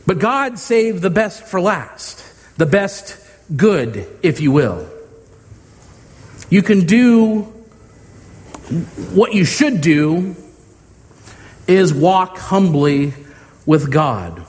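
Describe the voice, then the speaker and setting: A man preaching a sermon to his congregation, measured and emphatic, with homey humor and deliberate pauses. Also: high voice, big pitch swings, darkish tone. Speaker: pastor. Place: church sanctuary. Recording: long hall reverb.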